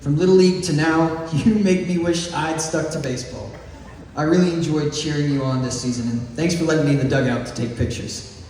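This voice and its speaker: A man's voice: a little high, a little mellow. A man of about eighteen giving a heartfelt, joking graduation speech as valedictorian. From East Texas. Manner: heartfelt, joking, slow deliberate phrasing with chuckles. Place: large echoey hall or gym. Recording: echoey hall from far off, faint noise.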